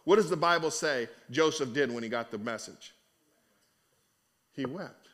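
A man preaching a conversational sermon in an animated, colloquial way. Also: medium pitch, normal speed.

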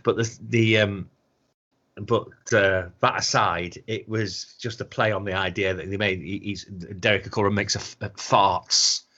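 A man's voice: on the low side, steady tone, a little slow, pushed and bright. A man co-hosting a podcast in a casual, mocking, sweary chat, often laughing. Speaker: podcast co-host. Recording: dull lo-fi sound.

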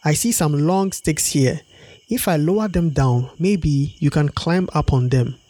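A man reads as a crafty spider trickster in a storybook. The voice sits a little high and stays smooth and persuasive. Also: a little slow, mellow, no room sound. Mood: sly. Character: clever scheming male spider trickster. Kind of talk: storybook read-aloud.

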